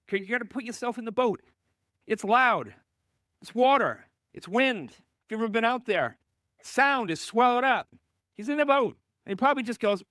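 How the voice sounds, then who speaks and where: A man's voice: high-pitched, fairly bright tone, dry recording, clean studio sound. A male pastor preaching a narrative sermon, telling the story with energy and acting out the dialogue in changing voices.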